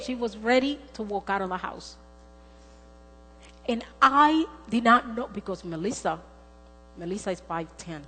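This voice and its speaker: A woman's voice: medium pitch, measured pace, pauses often, sharp tone. A middle-aged woman preaching a sermon, earnest and storytelling, acting out the voices in her stories. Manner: earnest, storytelling with acted quotes. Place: church sanctuary. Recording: long church hall reverb with mains hum and faint music.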